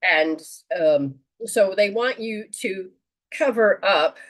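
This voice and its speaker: A woman hosting a call-in show, giving a spiritual reading to a caller in a slow, earnest counseling tone. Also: medium pitch, animated. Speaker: host and metaphysician.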